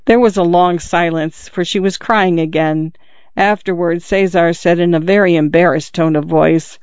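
A man narrating a story in a measured, storytelling manner. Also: on the high side, steady tone, clean tone, dry recording. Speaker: audiobook narrator. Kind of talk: scripted narration. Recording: slightly dull, dry recording.

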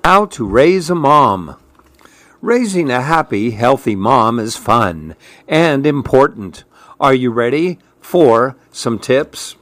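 A man reading a children's picture book aloud in a gentle, playful way. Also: mid-range voice, big pitch swings, no echo. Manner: gentle, playful, slow storytelling. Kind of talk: storybook read-aloud.

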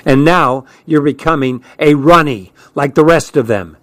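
A man's voice: on the high side, unhurried, dry recording, close to an everyday voice. A bitter, accusing middle-aged mother scolding her husband in an audiobook scene, as a male narrator reads her lines. The voice sits in a dry, close recording with no room sound.

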